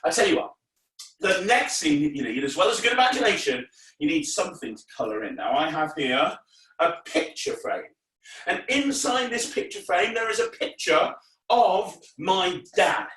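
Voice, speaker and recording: A man performing a comedy magic show for children, talking in an animated, exaggerated way that jumps to loud, high shouts. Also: normal speed. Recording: echoey room, voice a bit far off.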